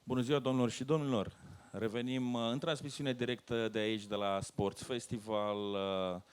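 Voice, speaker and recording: A Romanian man hosts a live sports talk show, speaking English with a Romanian accent. His voice is smooth and resonant, though his phrasing halts as he searches for each word, all in a medium pitch. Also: fairly even intonation. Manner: halting English with frequent pauses and hunting for words.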